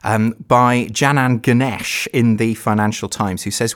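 A man co-hosting a podcast in casual chat, wry and measured, reading article passages with dry emphasis. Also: medium pitch, fairly even intonation. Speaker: podcast co-host.

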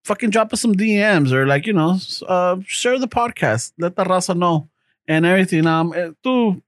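A podcast co-host who jokes around in a laid-back, profane way. His voice is high for a man. It is recorded close and dry. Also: animated, normal speed, no echo. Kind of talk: casual podcast chat.

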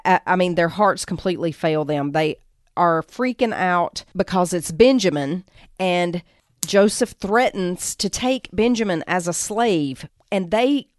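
A woman's voice: lowish voice, unhurried, dry recording, studio quality. A woman podcast host retelling a Bible story in a conversational teaching style, reading quoted lines and adding asides.

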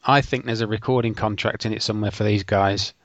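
A man's voice: lowish voice, fairly even intonation, fast, no room sound, dull audio. A man co-hosting a podcast in casual chat, mostly giving short replies. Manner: brief listening replies. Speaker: podcast co-host.

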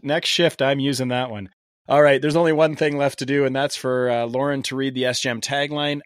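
A man's voice: mid-range voice, no room sound, studio quality. A man hosting a medical podcast, talking in an upbeat, jokey way. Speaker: podcast host. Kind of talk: casual podcast chat.

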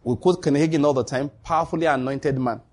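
Husky animated preacher, laughing often. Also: male voice, fairly high pitch, fast. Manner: animated storytelling, laughs often, acts out dialogue. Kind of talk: sermon.

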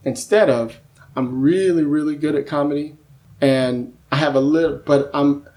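A man who works as a screenwriter, talking casually as a podcast guest and telling animated stories about his work. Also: fairly high pitch, moderate pace. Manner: lively storyteller who acts out quoted voices; keeps asking "you know what I mean?".

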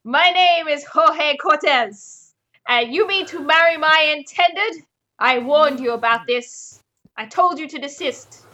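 Woman as a proud dueling swordsman, high bright voice, slow grand delivery. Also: lo-fi sound, full character voice. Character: proud male Spanish swordsman, dramatic rival.

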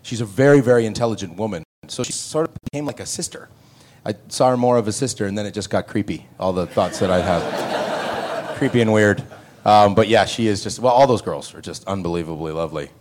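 A man, an actor answering fan questions on a panel, telling stories in a lively way, acting out other people's lines and laughing often. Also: fairly quick, a little hiss or hum. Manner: animated, acts out other people's lines with loud jumps in pitch. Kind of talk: panel Q&A storytelling.

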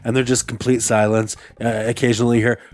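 A man co-hosting a podcast, chiming in with quick jokes in casual chat. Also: mid-range voice, level tone. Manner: quick joking interjections.

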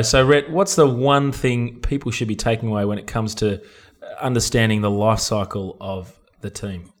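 A man's voice: lowish voice, fairly even intonation, normal speed, few pauses. A man co-hosting a church ministry podcast, asking questions and reading the outro in a chatty, joking way. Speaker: podcast co-host.

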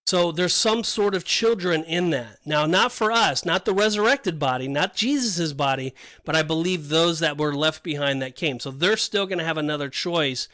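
A man's voice: fairly high pitch, normal speed, sharp tone, no echo. A man co-hosting a podcast, talking through Bible passages in a loose, rambling way with frequent restarts. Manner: rambling, restarts often, explains with scripture references. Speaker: podcast co-host. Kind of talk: casual Bible discussion.

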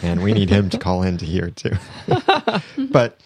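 A man's voice: low voice, steady tone, brisk, a little mellow, breathy edge, no room sound. A man hosting a podcast in a chatty, casual way, reading sponsor plugs and laughing often. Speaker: podcast host.

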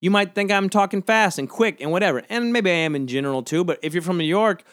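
A man's voice: high voice, lively intonation, fast talker, fairly bright tone, no echo, clean studio sound. A man from the American South hosting a casual solo podcast, rambling and questioning himself with lots of fillers. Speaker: podcast host.

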